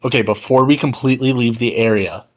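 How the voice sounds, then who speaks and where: A man talking as a player in a tabletop game, deliberately laying out plans. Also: mid-range voice.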